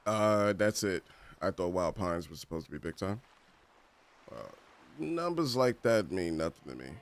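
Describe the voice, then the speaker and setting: A man's voice: sits low, animated, moderate pace. A man streaming a game playthrough, chatting casually in slang, laughing often and reading game text aloud. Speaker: gaming streamer. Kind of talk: casual let's-play commentary.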